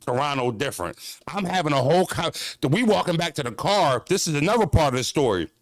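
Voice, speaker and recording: An American man tells a story on his channel, his pitch swinging up and down as he talks. His delivery is streetwise and full of cursing, and the sound is dry and close with no room echo. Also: fast. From United States. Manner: animated, profane, streetwise storytelling. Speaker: vlogger. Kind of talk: casual storytelling vlog.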